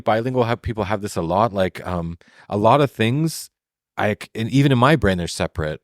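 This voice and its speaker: A middle-aged man, a podcast guest, telling stories in an animated, casual way with quick restarts. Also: lowish voice, dry recording, studio quality. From USA.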